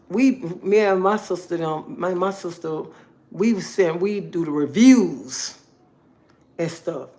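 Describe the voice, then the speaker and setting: A woman's voice: lowish voice, a little mellow. A woman talking casually to her viewers on a live stream, chatty and emphatic, repeating herself often. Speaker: livestream host.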